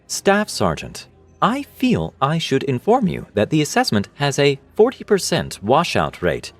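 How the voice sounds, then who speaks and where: Male reader as fussy alien administrator: formal, cautious, raised pitch. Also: wildly swooping pitch, unhurried, soft background music, full character voice.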